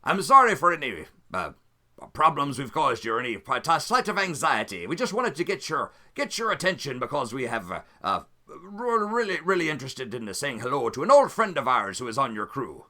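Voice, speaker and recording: A man's voice: medium pitch, sing-song, brisk, pushed and bright. A man voicing a jovial, roguish male starship captain who talks in a folksy, chummy way and calls people lad.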